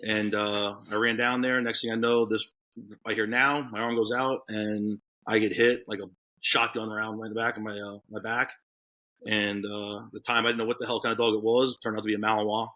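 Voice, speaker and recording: Low-voiced rambling man from Florida. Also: flat delivery, brisk, pushed and bright. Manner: rambling, many fillers and restarts. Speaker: podcast guest, K9 handler. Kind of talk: casual storytelling chat.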